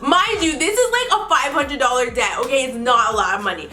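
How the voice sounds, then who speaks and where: Young woman vlogger, high and bright, swears freely, roomy echo with faint music under it. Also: fairly quick, few pauses. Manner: animated, profane, laughing. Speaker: beauty vlogger. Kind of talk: casual storytime.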